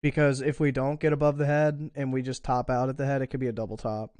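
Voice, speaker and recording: A man's voice: mid-range voice, little pitch movement, fast talker, a little mellow, no echo. A man casually breaking down market charts. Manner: casual, thinking aloud with fillers and restarts. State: has the hiccups. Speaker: crypto trading streamer. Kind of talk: live market analysis chat.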